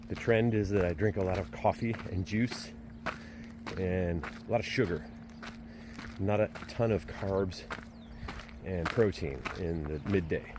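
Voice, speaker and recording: A man talking casually to his camera while walking outdoors, chatty and joking to himself. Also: low-pitched. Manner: chatty, rambling, self-joking. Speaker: vlogger walking a pilgrimage. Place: outdoors, walking through a town. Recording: outdoor street noise.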